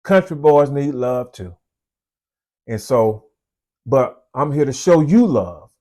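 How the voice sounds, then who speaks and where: A man's voice: mid-range voice, animated, takes it slowly, mellow. A man with a Southern US accent, a police officer hosting his own channel, talking casually and folksy to the camera. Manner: folksy, conversational, repeats points.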